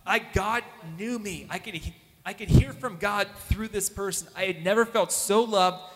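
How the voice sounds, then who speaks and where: A man with a bright, forceful voice pitched a little high gives a lively testimony as a youth minister. He tells his story with energy and acts out what people said to him. His voice rings with a long reverb, as if he is in a large hall. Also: moderate pace. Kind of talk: testimony talk.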